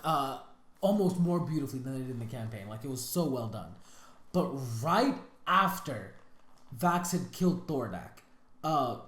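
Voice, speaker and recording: A woman hosting a reaction video, talking in casual, exasperated commentary with lots of restarts and slang. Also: extremely low pitch. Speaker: reaction channel host. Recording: roomy echo.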